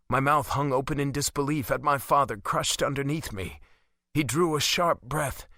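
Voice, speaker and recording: A man's voice: medium pitch, pushed and bright, dry recording, studio quality. A man reading a fantasy romance audiobook in first person, with dramatic, emotionally charged delivery. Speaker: audiobook narrator. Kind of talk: first-person scripted narration.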